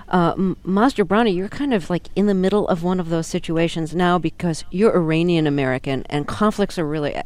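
A woman hosting a radio interview, asking measured, curious questions. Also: on the low side, darkish tone, clear, resonant tone.

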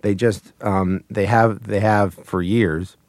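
Man, lowish voice, casual interview, halting speech, chuckles, dry close studio sound. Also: steady tone, darkish tone, dry recording. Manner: hesitant, full of restarts and chuckles. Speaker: puppeteer guest.

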